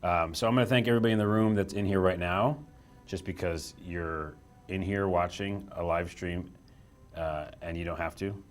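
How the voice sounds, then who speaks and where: A man's voice: deep voice, normal speed. A young man hosting a casual live stream from a small office room, chatty and self-deprecating as he reads the chat aloud.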